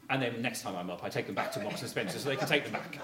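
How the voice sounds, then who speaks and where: A man's voice: mid-range voice, rapid-fire. A middle-aged man gives a chatty, rambling talk to a live audience, chuckling as he tells stories and filling gaps with "you know, kind of thing.". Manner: chuckles while telling stories. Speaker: speaker addressing a local audience. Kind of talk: anecdotal public talk. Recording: echoey room, faint noise.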